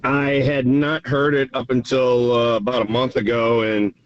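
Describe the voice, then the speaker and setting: A man tells his story in an easygoing drawl. His voice sits at an ordinary pitch and comes over a dull, lo-fi remote line. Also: flat delivery, normal speed, no echo. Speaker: guest.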